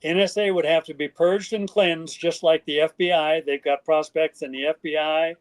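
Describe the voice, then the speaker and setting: An older man, a guest in an interview, telling stories in a lively way and acting out what others said. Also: fairly high pitch, moderate pace. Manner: animated, acts out quoted voices. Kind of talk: storytelling interview.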